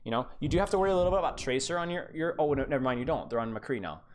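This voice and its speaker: Male game coach on a live stream, blunt and impatient, animated pitch, faint clicks behind. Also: very fast, a little hiss or hum. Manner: blunt, exasperated coaching with repeated urging. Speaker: game coach reviewing a player's replay. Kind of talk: live-streamed replay review.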